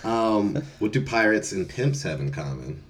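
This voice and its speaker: A man's voice: fairly low pitch, expressive, unhurried, a crowd in the background. A young man co-hosting a casual podcast, laid-back and chuckling often, with lots of "um" and "like". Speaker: podcast co-host.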